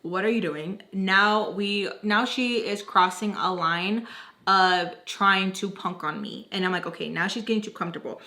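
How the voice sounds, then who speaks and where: Speaking at medium pitch and a moderate pace, a young woman shares a personal storytime with her viewers. The vlogger talks in casual slang and animatedly performs the quoted dialogue, voicing each person in the tale.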